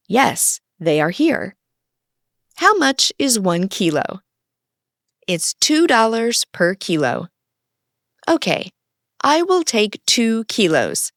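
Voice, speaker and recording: Slow, lively-pitched woman teaching English. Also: dry recording, clean studio sound. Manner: plain, simple sentences with acted example dialogues. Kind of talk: slow scripted lesson narration.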